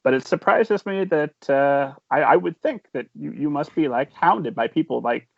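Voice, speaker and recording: A man hosts an interview with an enthusiastic, joking, fan-like manner. His voice is fairly high and sounds dry and close. The audio is dull, like a video call. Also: animated, normal speed, creaky, no echo. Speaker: podcast host.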